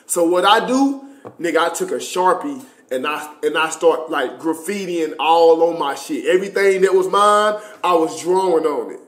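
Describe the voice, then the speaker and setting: A young man telling a story in a casual, animated, profane way with lots of slang and fillers. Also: on the high side, moderate pace. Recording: roomy echoey room.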